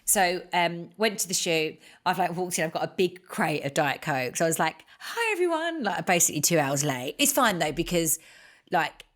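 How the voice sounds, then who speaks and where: A woman's voice: low voice, fairly even intonation, normal speed. A woman co-hosting a podcast, telling an anecdote in casual chat and acting out the people she quotes. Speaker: podcast co-host.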